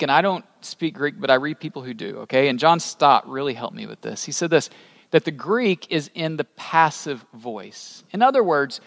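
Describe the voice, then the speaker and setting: A man preaching a sermon as a pastor, animated and rising to emphatic peaks, asking the congregation questions. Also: fairly high pitch. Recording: long hall reverb.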